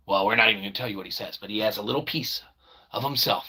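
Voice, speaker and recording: Host, male, gravelly, husky, bright edge, jumpy pitch, rambling and jokey. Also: fast. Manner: animated, jokey, bursts of loud exclaiming. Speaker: independent developer and channel host. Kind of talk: rambling casual vlog chat.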